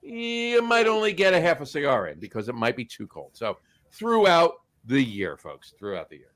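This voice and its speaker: A man from New Jersey co-hosting a podcast, playfully delivering a mock campaign speech with stretched pauses. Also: a little high, huge pitch swings, a bit bright. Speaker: podcast co-host.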